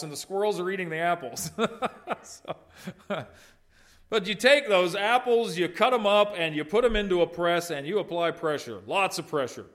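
A man preaching a verse-by-verse sermon with a slightly raised voice. He swings from loud, emphatic peaks down to soft, low phrase endings. Now and then he breaks off to chat and tease the congregation. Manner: conversational, teases congregants by name. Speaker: pastor. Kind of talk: expository sermon with asides to the congregation.

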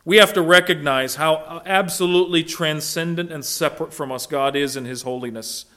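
A middle-aged man preaching a sermon as a pastor, emphatic, with hushed asides and raised voices for quotes. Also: on the high side, normal speed.

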